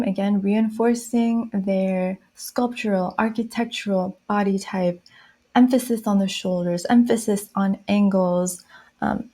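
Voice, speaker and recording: A woman explaining a style system in a lesson, speaking softly and listing qualities one phrase at a time. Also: mid-range voice. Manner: slow, soft-spoken, listing qualities one by one. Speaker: style educator.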